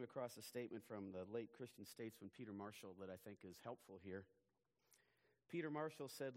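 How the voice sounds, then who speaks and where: A pastor preaching a sermon, earnest and emphatic. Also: male voice, lowish voice, brisk, darkish tone. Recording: long hall reverb.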